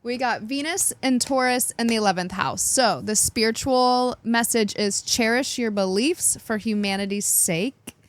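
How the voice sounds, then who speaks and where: A woman's voice: on the high side, a little slow, few pauses, no room sound. A woman hosting a weekly astrology forecast in a bubbly, chatty way, often laughing. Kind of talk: casual spoken forecast.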